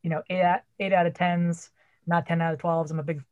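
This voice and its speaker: A Massachusetts woman in her forties, a theater rigger, speaks with a Massachusetts accent in casual podcast chat, loud, blunt, and swearing a lot. Her voice is fairly low, level in tone, and brisk, and the highs are cut off.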